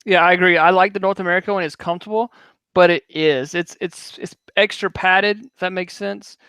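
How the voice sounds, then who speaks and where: A male podcast host and medic who tells a lively story in a casual, chatty way. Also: high voice, a little fast, smooth, dry recording.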